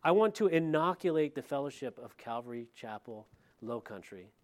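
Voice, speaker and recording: A man, a middle-aged pastor, preaching a verse-by-verse sermon in a conversational way, with lively retelling and asides to the congregation. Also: mid-range voice, normal speed. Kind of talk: expository sermon.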